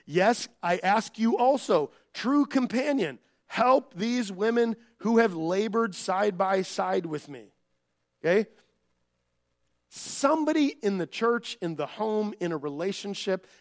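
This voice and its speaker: A man preaching a sermon as pastor, conversational and animated, acting out family arguments in quoted voices. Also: sits high. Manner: conversational with filler words and restarts.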